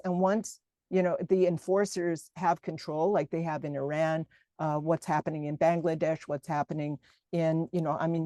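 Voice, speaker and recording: A woman's voice: low voice, dark tone, no echo. A woman guest speaker answering audience questions in an earnest, emphatic way, often restarting her sentences. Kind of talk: Q&A answer at a public talk.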